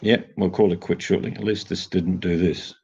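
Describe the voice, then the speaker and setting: A man's voice: low-pitched, steady tone, normal speed, gravelly, a little mellow, breathy edge. An older man with an Australian accent, chatting casually and telling jokey stories to a livestream audience. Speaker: livestream host. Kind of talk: casual chat. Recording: dull lo-fi sound.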